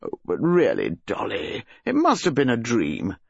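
A reader voicing a grumbling, sleepy old English colonel who speaks gruffly and dismissively, in a dull lo-fi storybook recording. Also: medium pitch, wildly swooping pitch, unhurried, darkish tone, dry recording, voice pushed down, full character voice.

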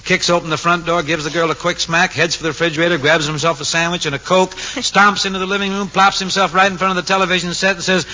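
A man's voice: high voice, steady tone, fast talker, hardly any pauses, pushed and bright. A man hosting a scripted radio comedy, breezy and joking, often chuckling through his lines. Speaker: radio show host. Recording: hissy dull old radio recording.

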